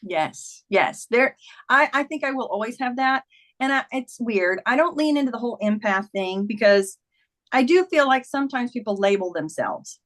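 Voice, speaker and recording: A woman's voice: on the high side, animated, moderate pace, fairly bright tone. A woman in her fifties, a memoir author interviewed as a guest, telling personal stories earnestly and acting out the lines of others. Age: 50s. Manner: earnest storyteller, acts out quoted dialogue. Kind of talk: candid interview conversation.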